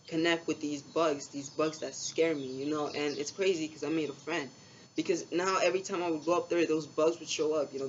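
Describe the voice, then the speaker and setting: A young man casually rambling through a spiritual story, in laid-back, slangy talk full of swearing and fillers. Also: fairly high pitch. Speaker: spiritual vlogger. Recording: dull lo-fi sound with faint background hiss.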